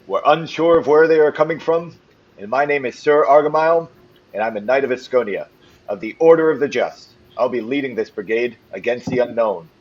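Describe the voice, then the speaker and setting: A man voicing a proud male knight who rallies the troops with a loud, commanding proclamation. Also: medium pitch, brisk, breathy edge, dull audio, natural voice. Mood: rallying.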